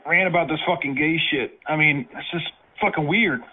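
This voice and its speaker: A man's voice: a little high, normal speed. A man making an angry prank phone call, swearing and issuing threats in a ranting manner. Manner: profane, threatening rant. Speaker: prank caller. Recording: tinny phone line.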